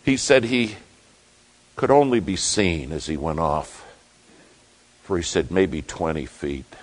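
A deep, low-pitched male preacher telling a story from the pulpit. He speaks with unhurried, deliberate pacing, letting dramatic moments land. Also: expressive, low-quality recording. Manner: dramatic, slow retelling. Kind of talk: sermon storytelling.

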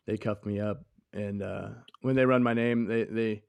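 A man's voice: lowish voice, fairly even intonation, normal speed, vocal fry, darkish tone, clear, resonant tone, dry recording. Laid-back rambling man. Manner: laid-back, rambling, drifts into filler words. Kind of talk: casual conversation.

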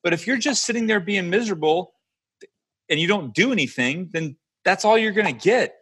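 A man in his thirties in casual chat, talking bluntly and with lots of swearing, getting animated as he goes. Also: high-pitched, a little fast, breathy edge. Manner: blunt, profane, animated tough talk.

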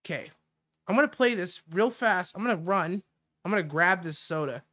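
A man's voice: high-pitched, expressive, moderate pace, pushed and bright, no echo. A man hosting his own show, ranting in a crude, sarcastic, rambling way into a studio mic. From Canada. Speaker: podcast host. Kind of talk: casual solo rant. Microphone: studio mic with windscreen.

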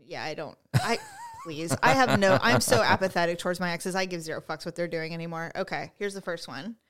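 Woman, 40s, podcast co-host: animated storyteller, slips into voices for quotes. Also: fairly low pitch, a little fast. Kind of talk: casual chat.

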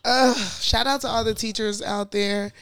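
A woman's voice: a little high, normal speed, clean tone, no echo. A woman who co-hosts a podcast and teaches, chatting casually, laughing as she tells stories. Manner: lively, laughs while telling stories. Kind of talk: casual chat.

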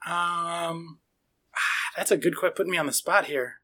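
Man, fairly high voice, casual chat, blunt, sweary. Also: measured pace, sharp tone.

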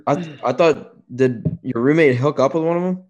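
A man's voice: medium pitch, moderate pace, a little mellow, muffled recording. A man in casual chat who reacts bluntly and swears.

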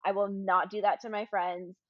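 A woman's voice: medium pitch, level tone, normal speed, no echo, lo-fi sound. A woman co-hosting a podcast in casual chat, emphatic and blunt, swearing and laughing often. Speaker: podcast co-host.

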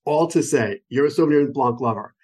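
This wine expert from the United States talks fairly quickly in a medium-pitched voice that's a little mellow and slightly rough. As a guest on a phone call, he explains conversationally, with enthusiasm, digressions, and many examples.

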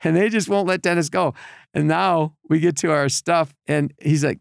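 A man telling animated stories in a casual chat, acting out other people's voices with lots of restarts. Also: a little high, normal speed, vocal fry, no room sound, studio quality. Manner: animated storyteller, acts out voices, many restarts. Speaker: podcast guest telling stories.

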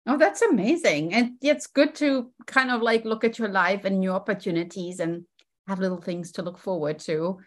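A woman's voice: mid-range voice, normal speed. A woman hosting a podcast, chatting upbeat in an interview with frequent ums. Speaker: podcast host. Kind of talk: casual interview chat.

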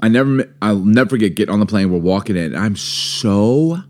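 A man's voice: lowish voice, fairly quick, darkish tone. A man in his forties co-hosting a casual chat, telling stories animatedly and acting out the voices in them. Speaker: podcast co-host.

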